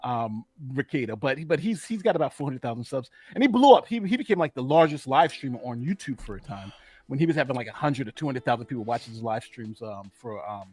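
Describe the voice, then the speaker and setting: On a dry recording, a husky, medium-pitched man talks quickly while hosting a laid-back live-stream commentary for his legal channel. He gets animated, gloats, chats freely, and keeps going back over the same points.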